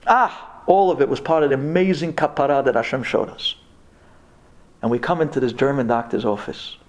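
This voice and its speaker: This mid-range male voice runs a little fast as he shares an impassioned personal story in front of a live crowd. Stammering restarts break up his telling, which draws on religious Hebrew and Yiddish words.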